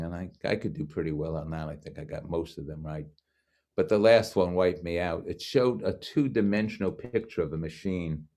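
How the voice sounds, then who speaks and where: A man's voice: sits low, a little mellow. A man in his seventies from Brooklyn, a guest speaker telling a personal story, frank and wry with self-mocking asides. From Brooklyn, New York. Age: 70s.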